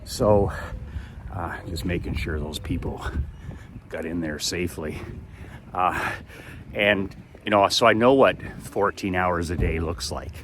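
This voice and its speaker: A man's voice: low voice, a little slow, long pauses, noisy background. A middle-aged man from Canada telling a casual, folksy story in a blue-collar manner, leaning on repeated words for emphasis. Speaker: business author and speaker. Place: outdoors by a garage in a gated community.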